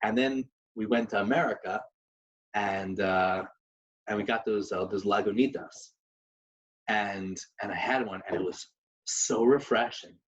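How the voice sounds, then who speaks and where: A man co-hosting a podcast, chatting casually and telling stories in an animated way, with Yiddish phrases mixed in. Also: fairly low pitch, measured pace. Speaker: podcast co-host. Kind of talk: casual chat and storytelling. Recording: slightly muffled audio.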